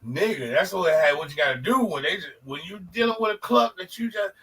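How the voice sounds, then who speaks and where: A man co-hosting a podcast, telling a profane, animated story in casual chat and acting out the people in it. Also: high-pitched, fairly quick, slightly rough, recorded from a distance, rough recording. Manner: animated, profane, acts out quoted voices. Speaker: podcast co-host.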